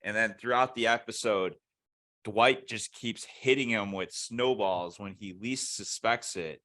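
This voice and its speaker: A man's voice: fairly low pitch, measured pace, pushed and bright. A man co-hosting a casual podcast, rambling and swearing as he retells TV scenes. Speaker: podcast co-host. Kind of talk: casual chat.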